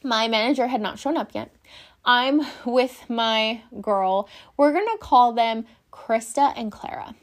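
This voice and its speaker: A young woman, a former shift supervisor, telling work stories in a casual, animated way, swearing freely and acting out the people involved. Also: a little high, measured pace. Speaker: vlogger, former coffee shop shift supervisor. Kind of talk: casual storytelling rant.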